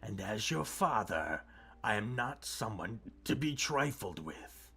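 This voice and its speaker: A man's voice: fairly low pitch, big pitch swings, vocal fry, sharp tone, slightly rough, heavily acted. A man putting on a scratchy, menacing villain count. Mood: demanding. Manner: slow, looming, menacing delivery. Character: sinister scratchy-voiced male villain count. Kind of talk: storybook read-aloud. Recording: faint music behind.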